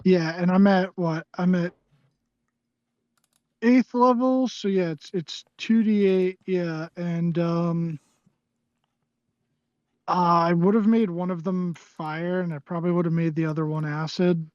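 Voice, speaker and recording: Player, slow, hesitant, tabletop game, online call, dull lo-fi mic. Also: medium pitch, fairly even intonation, a little mellow, no echo. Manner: hesitant, many fillers and restarts. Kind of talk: casual tabletop play over an online call.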